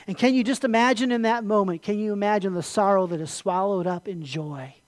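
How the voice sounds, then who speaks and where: Pastor giving an animated sermon in a dry, close sound; dramatic drops to a near-hush, then big lifts. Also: mid-range voice, brisk, no echo. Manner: animated, swinging from hushed to loud; rhetorical questions.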